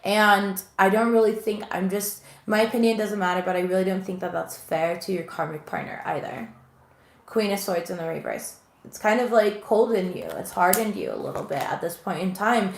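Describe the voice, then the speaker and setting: A woman's voice: medium pitch, animated, moderate pace, gravelly. A woman in her thirties giving an earnest, emotional tarot reading to viewers. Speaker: tarot reader. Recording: echoey room with faint noise.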